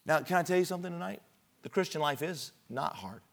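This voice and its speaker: High-voiced man preaching a storytelling sermon. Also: lively intonation, quick pace, vocal fry. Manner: storytelling, builds to emphatic preaching.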